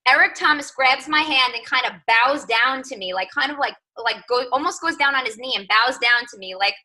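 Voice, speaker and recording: Woman, thirties, chatty storyteller, bright tone, slightly high pitch. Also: brisk, poor audio. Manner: chatty, lots of "like" and "right?". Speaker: fitness coach. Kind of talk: storytelling on a team call.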